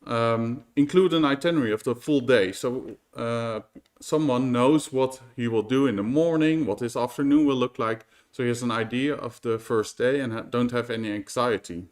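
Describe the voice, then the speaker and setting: A man giving a conference talk at a tech meetup, explaining steps with frequent pauses and restarts. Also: medium pitch, darkish tone. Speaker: conference speaker. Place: meetup presentation venue.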